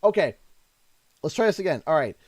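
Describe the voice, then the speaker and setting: Canadian guy streaming, kinda high voice, gushy and stammery, dry close sound. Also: big pitch swings, fairly quick, no room sound. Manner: emotional and effusive, stammers and repeats himself. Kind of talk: casual live-stream chat.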